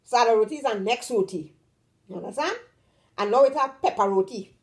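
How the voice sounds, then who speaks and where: Speaking a little quickly in a slightly high, darkish voice, a woman with a Trinidadian accent talks casually to the camera on her vlog. Her delivery is emphatic, with drawn-out stressed words and repeated "you understand?" check-ins.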